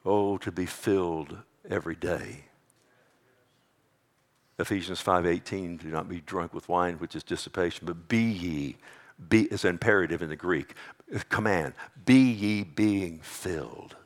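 A man's voice: sits low, moderate pace. A middle-aged male pastor preaching a sermon, quoting scripture and pressing his points with rising emphasis.

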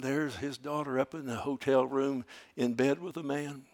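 An older man, preaching a sermon in a folksy storytelling way that swings from hushed to loud. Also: medium pitch, steady tone, normal speed. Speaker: pastor.

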